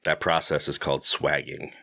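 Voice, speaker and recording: Deep-voiced laid-back podcast host man. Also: flat delivery, moderate pace, vocal fry, bright, forceful tone, no echo, studio quality. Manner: laid-back, slangy, laughs often. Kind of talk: casual chat.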